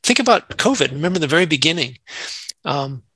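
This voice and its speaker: A man's voice: a little high, sing-song, a little fast, pushed and bright, husky, no echo, poor audio. A man, a nonprofit CEO, talking earnestly in an interview and telling workplace stories. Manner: earnest, acts out quoted dialogue in anecdotes. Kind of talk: conversational interview storytelling.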